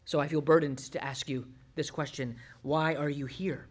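Earnest high-voiced man preaching. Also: fairly even intonation, moderate pace. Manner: earnest, swings from loud urgent appeals to hushed tones. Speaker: pastor. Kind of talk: sermon.

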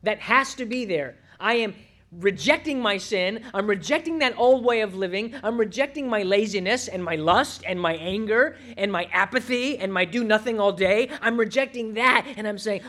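Pastor, man, high voice, earnest sermon delivery with urgent appeals and soft drops. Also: normal speed. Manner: earnest, swings from loud urgent appeals to hushed tones.

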